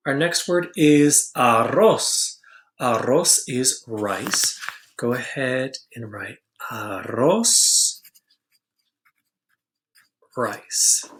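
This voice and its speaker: A man teaches a vocabulary lesson in an unhurried, deliberate way, drawing out each word. He is patient and clear, repeating terms so students can write them down. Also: mid-range voice, expressive, fairly bright tone, a little hiss or hum. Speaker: Spanish teacher. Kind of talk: classroom-style vocabulary lesson.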